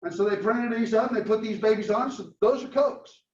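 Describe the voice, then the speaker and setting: A man lecturing a marketing class, telling a story and acting out its dialogue in a lively way. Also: high voice, fairly quick. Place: lecture room. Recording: roomy, distant, dull classroom recording.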